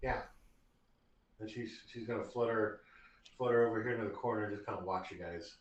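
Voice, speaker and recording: A man narrating as game master of a tabletop game, halting and repeating words. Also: lowish voice, dull audio. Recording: roomy, distant mic.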